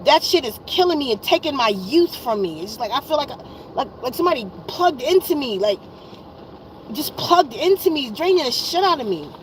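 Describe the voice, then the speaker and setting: A woman's voice: high-pitched, sing-song, normal speed, a little hiss or hum, rough recording. A woman in her fifties venting to her viewers, tired and exasperated, blunt and profane, often repeating herself. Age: 50s. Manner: weary and exasperated. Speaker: wellness vlogger.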